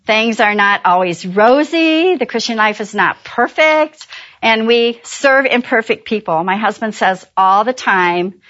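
A middle-aged woman and pastor's wife, telling a church audience about her ministry in a chatty, animated way and laughing at her own jokes. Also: on the high side, unhurried, lo-fi sound. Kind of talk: warm personal testimony talk.

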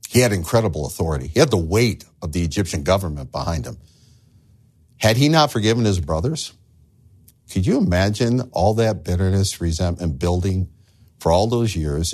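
Animated preaching man with a lively voice. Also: lowish voice. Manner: animated, acts out voices of the figures he tells about. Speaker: pastor. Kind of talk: sermon.

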